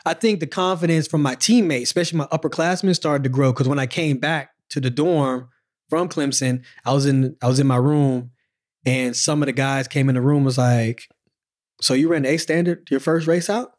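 A man in his forties, a former sprinter, telling his story in a casual podcast chat, slangy and animated, acting out the moments. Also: medium pitch, normal speed.

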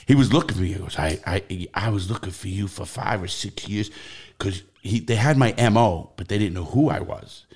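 A man's voice: on the low side, a little fast, husky. A middle-aged man with a New York accent, telling stories bluntly as a podcast guest, swearing freely. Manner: profane, animated, blunt. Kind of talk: casual interview storytelling.

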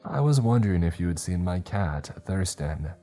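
A man voicing a nosy, sharp-tongued elderly woman neighbor who scolds and judges. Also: sits low, very animated, moderate pace, faint music behind. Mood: scolding. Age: older.

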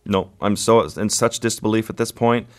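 A man, a photographer guest, telling his story in an interview in a halting, vivid way with pauses and fillers. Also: fairly low pitch, steady tone, slight background noise.

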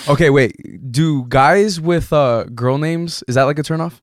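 A man's voice: on the high side, measured pace, dry recording, clean studio sound. A man co-hosting a casual group chat, joking and teasing the others. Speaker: podcast co-host.

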